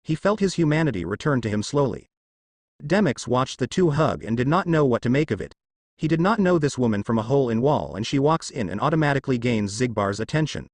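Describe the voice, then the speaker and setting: A man reading fan fiction aloud as narrator in a steady storytelling way. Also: medium pitch, fairly quick, no echo.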